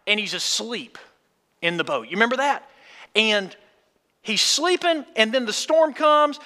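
A man's voice: sits high, sharp tone. A man preaching a sermon in a folksy way, asking the congregation questions. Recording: long hall reverb.

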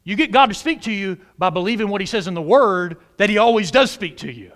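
Man, pastor, sermon, loud and emphatic, high-pitched, very lively delivery. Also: quick pace, hardly any pauses. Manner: loud, emphatic preaching with big pitch swings. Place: church sanctuary.

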